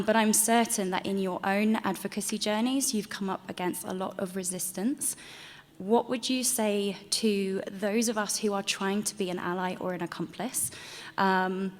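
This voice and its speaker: A woman's voice: medium pitch, in a large hall. A woman from the United Kingdom, a research psychologist, politely asking the panel a question from the floor. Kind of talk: audience question. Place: large conference hall.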